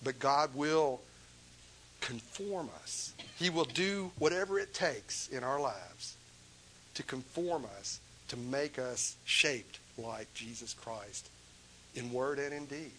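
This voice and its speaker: A man's voice: medium pitch, expressive, takes it slowly, a bit bright, slight background noise, rough recording. A man preaching a sermon in an impassioned, emphatic way, pressing his points with rhetorical questions.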